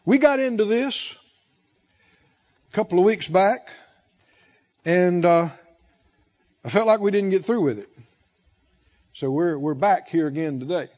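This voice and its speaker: A man's voice: high-pitched, darkish tone, highs cut off. A man preaching a sermon as pastor, emphatic and calling out questions for the congregation to answer.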